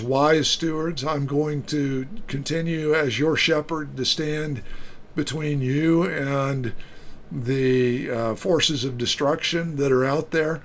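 Earnest man pastor, fairly high voice. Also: a little hiss or hum. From United States. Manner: earnest, unhurried, with fillers. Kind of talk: devotional talk with scripture reading.

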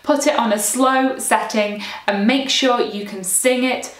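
A woman teaching recorder practice tips in a clear, encouraging way, sometimes singing rhythms aloud. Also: fairly high pitch, steady tone, unhurried, echoey room.

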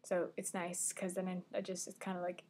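A teenage girl vlogging in a casual chat, rambling and excitable, often correcting herself mid-sentence. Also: fairly low pitch, moderate pace.

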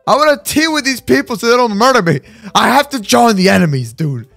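Excitable young man yelling over gameplay. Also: extremely high pitch, fairly quick, gravelly, faint music behind. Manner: excitable, yelling at enemies, laughing often. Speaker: gaming YouTuber. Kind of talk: casual gameplay commentary.

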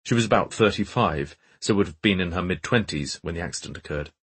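A man narrating a mystery audiobook in first person, measured and observant. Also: deep voice, animated, husky. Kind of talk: scripted narration.

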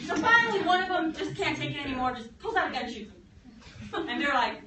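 A woman history teacher telling a lecture as a lively story, acting out quotes and laughing along. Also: high voice, quick pace, background noise. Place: classroom. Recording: echoey classroom from far off.

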